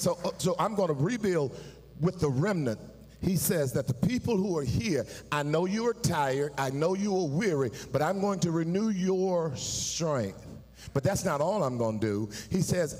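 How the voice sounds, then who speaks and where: Man preaching, fairly high voice, sung shouted peaks, long church reverb. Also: animated, moderate pace, slightly rough. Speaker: pastor. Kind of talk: sermon. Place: church sanctuary.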